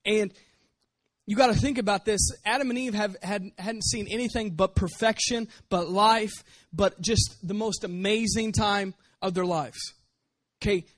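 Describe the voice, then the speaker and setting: Male pastor, fairly high voice, dry close sound, emphatic sermon delivery full of rhetorical questions. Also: no echo.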